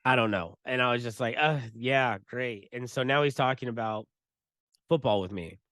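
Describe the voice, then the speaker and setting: A man co-hosting a podcast, telling a story in a casual, profane, animated way and laughing as he goes. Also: mid-range voice, fairly quick, no room sound. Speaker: podcast co-host.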